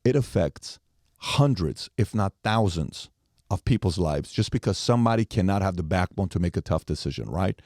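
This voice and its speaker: Man, forties, podcast guest: energetic storyteller who voices every quote, low mellow tone, dry close sound. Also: normal speed, no room sound. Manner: animated storyteller, acts out quoted lines.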